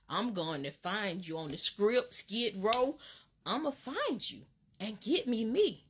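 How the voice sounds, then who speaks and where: A woman tells a casual storytime. Her voice is husky, and her pitch swings all over the place. She tells it in a dramatic, animated way and laughs along. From Alabama, USA. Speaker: vlogger.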